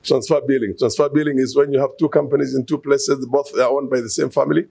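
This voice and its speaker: A man's voice: mid-range voice, little pitch movement, fast talker, creaky, darkish tone, no echo. A man giving an unscripted conference talk, hesitant, with many fillers and restarts, asking the audience rhetorical questions. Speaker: conference speaker.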